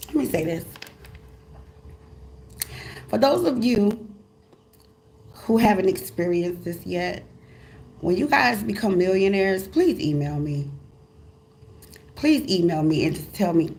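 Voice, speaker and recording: A woman giving a casual, motivational tarot reading as host of her channel, talking emphatically with slang, repeated phrases and excited exclamations. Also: medium pitch, takes it slowly, pauses often, a little hiss or hum. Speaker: tarot reader.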